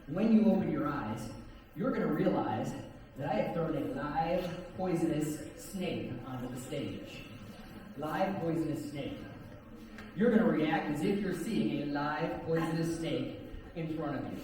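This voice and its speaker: A man performing as a stage hypnotist, talking in slow soothing induction patter and teasing the volunteers between suggestions. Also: fairly high pitch. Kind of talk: live stage hypnosis show. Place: stage at a campground event. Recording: echoey hall, from far off, crowd audible. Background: audience laughing.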